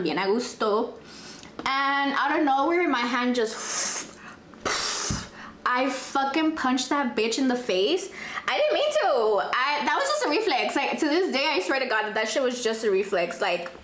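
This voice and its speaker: A woman's voice: fairly high pitch, fairly bright tone, a little hiss or hum. Profane, dramatic young woman in an echoey room. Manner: profane, dramatic, mixes Spanish phrases. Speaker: vlogger. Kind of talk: casual storytime. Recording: echoey room, faint ambience.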